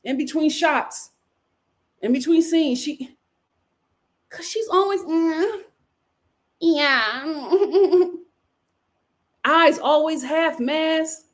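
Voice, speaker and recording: A woman's voice: high-pitched, slow pace, long pauses. A woman in her thirties giving casual live-stream commentary on a reality show, sassy and opinionated, laughing often. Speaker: reality TV reviewer.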